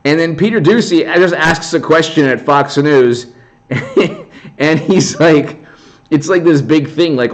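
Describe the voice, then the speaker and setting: A man's voice: fairly high pitch, moderate pace, muffled recording. A man giving rambling, sarcastic political commentary on a casual livestream, often restarting his sentences.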